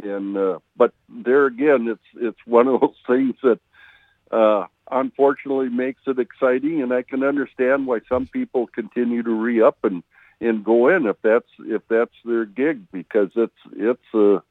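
A man's voice: medium pitch, fairly even intonation, moderate pace, dry recording. Older man reminiscing over a phone line. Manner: reminiscing, laughs often. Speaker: guest, army veteran. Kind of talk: radio interview.

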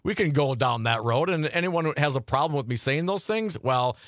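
A male radio talk show host taking calls, who gets louder and faster when fired up. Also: fairly high pitch, expressive, no room sound. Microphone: studio mic.

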